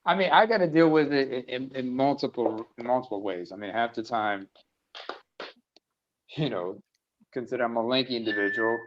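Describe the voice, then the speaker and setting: A man's voice: medium pitch, normal speed. A man from the Horn of Africa region, a panel guest telling stories in casual chat and swearing freely. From Eritrea or Ethiopia region. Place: living in Scandinavia. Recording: dull lo-fi audio.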